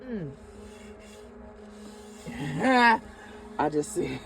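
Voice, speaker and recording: A channel host with a low voice gives an animated spiritual energy reading, taking her time with long pauses. She speaks affirmations, draws out her words, calls the listener "baby," and breaks into chuckles as music plays, though the audio is poor.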